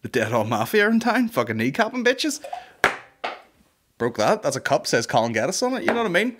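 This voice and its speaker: A man's voice: on the high side, sing-song, fast talker, background noise. A man in his thirties hosting a comedy podcast, rambling and swearing in a boisterous casual monologue. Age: 30s. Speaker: podcast host.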